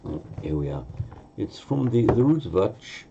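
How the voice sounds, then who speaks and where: Low gravelly guy teaching grammar, lots of ums, fixes himself as he goes, dull lo-fi mic. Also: big pitch swings, unhurried, background noise. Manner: thinking aloud, self-correcting, with many fillers. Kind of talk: language lesson.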